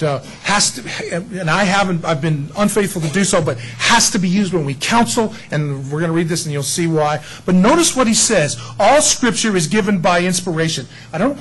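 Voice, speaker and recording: A middle-aged man preaching a sermon, teaching a Bible verse in an animated way and joking about his own stories. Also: sits high, husky, rough recording. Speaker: pastor.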